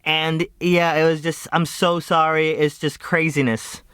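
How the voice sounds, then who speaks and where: A man's voice: on the high side, little pitch movement, unhurried, fairly bright tone, smooth. A man doing a whiny flaky young woman. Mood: apologetic.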